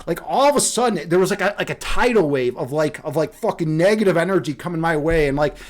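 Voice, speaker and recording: A man's voice: fairly high pitch, lively intonation, fast. A man chatting casually on a livestream, rambling and profane, laughing often. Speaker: streamer.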